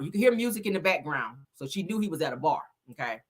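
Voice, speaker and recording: A woman's voice: low voice, sing-song, fast talker, slightly rough. A woman hosting a casual gossip commentary, reading messages aloud, chatty and profane, talking straight to her viewers.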